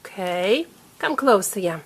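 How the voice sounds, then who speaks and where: A woman teaching her young child to read at home, patient and coaxing, sounding out letters slowly and repeating them. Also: medium pitch, expressive, breathy edge. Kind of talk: home reading lesson.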